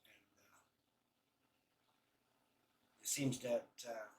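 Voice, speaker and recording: A man telling prison stories in a rambling, halting way, full of fillers and restarts. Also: mid-range voice, steady tone, recorded from a distance, rough recording. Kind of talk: casual storytelling.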